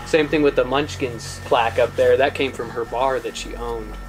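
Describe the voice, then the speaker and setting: A man's voice: medium pitch, steady tone, moderate pace, rough recording. A man from the family in a documentary interview, matter-of-fact as he recalls family things.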